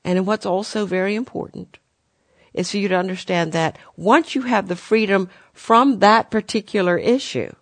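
A spiritual teacher speaks in a gentle, guiding way to the listeners, whom the teacher calls dear ones. The voice sits at an ordinary middle pitch. The recording is dry, with no room sound. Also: moderate pace, no room sound.

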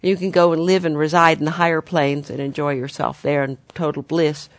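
A spiritual teacher speaks in a gentle, guiding way to the listeners, whom the teacher calls dear ones. The voice sits at an ordinary middle pitch. The recording is dry, with no room sound. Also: level tone, a little fast, no room sound.

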